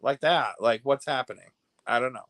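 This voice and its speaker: A man's voice: mid-range voice, normal speed, no room sound. Chatty gossiping American man, dry sound. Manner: chatty, gossipy, laughs often, swings from hushed to loud. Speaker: livestream host. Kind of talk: casual chat reacting to viewer comments.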